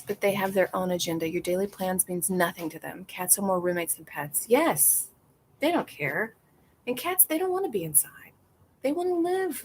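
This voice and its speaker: A woman's voice: a little high, a little hiss or hum. A woman hosting a casual livestream outdoors, chatting in a rambling way and laughing often. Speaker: livestream host.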